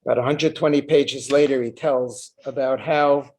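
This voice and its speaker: A man's voice: medium pitch, fairly even intonation, moderate pace, a little mellow. An older man, a rabbi, giving an earnest memorial lecture, telling a story and repeating words for emphasis. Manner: earnest, repeats words for emphasis, reads quotes aloud with feeling. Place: synagogue hall.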